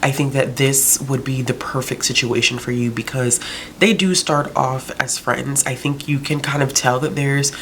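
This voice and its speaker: A woman's voice: a bass voice, little pitch movement, normal speed, fairly bright tone, slight background noise. A woman book vlogger chatting casually, out of breath, with joking, rambling asides. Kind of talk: casual recommendation vlog.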